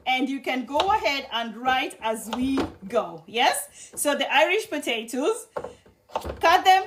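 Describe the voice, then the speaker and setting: Cooking-stream host: woman, high voice, chatty and affectionate with viewers, faint background hiss. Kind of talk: live cooking demo with viewer chat.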